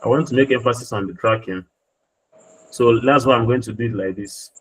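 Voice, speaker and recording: A man's voice: medium pitch, fairly quick, fairly bright tone, a little hiss or hum, poor audio. A man tutoring a graphic design class, talking through each step on screen and repeating points to check his students follow. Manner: patient, repeats himself while working on screen. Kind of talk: screen-share tutorial walkthrough.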